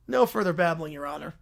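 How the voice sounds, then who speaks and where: A man's voice: fairly high pitch, vocal fry, fairly bright tone, voice pushed down. A bumbling cartoon lawyer, as a man plays him, making grand courtroom speeches that wander off course. He sounds pompous and shady.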